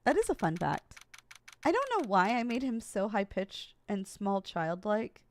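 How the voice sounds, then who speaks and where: A woman's voice: medium pitch, sing-song, measured pace, a little hiss or hum. A woman streamer giving playful, laughing, self-deprecating commentary on a video game, her voice strained. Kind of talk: casual gameplay commentary.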